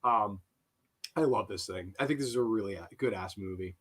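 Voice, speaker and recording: A man's voice: lowish voice, brisk, a bit bright, slightly rough. A young man giving rambling, profane live commentary on a horror film and breaking into giggling fits.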